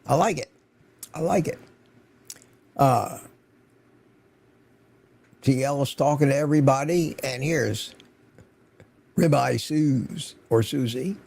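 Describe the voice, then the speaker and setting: A man's voice: medium pitch, takes it slowly, vocal fry, pauses often, a little mellow, breathy edge. An older man hosting a livestream, chatting casually and rambling as he greets viewers by name from his home studio. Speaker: livestream host.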